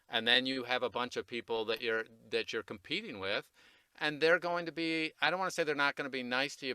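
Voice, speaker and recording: Casting note: man, voice coach, bright and crisp, loose rambling talker who laughs at himself, dry close mic. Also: mid-range voice, no echo. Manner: rambling, self-deprecating, quick to laugh. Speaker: voice recording coach, guest. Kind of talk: casual podcast conversation.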